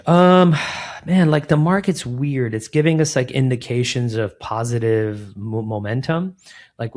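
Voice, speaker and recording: A middle-aged man, a business founder in an interview, chatting casually and acting out quoted dialogue with lots of "man" and "like". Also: mid-range voice. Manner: animated storyteller, acts out quoted dialogue, frequent "man" and "like". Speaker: recruiting firm founder, guest.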